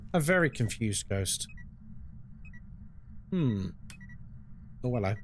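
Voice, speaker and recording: A man's voice: medium pitch, very animated, takes it slowly, slight background noise. A young man streaming a ghost-hunting game live, chatting casually with his chat while he plays and reacting to what happens in the game.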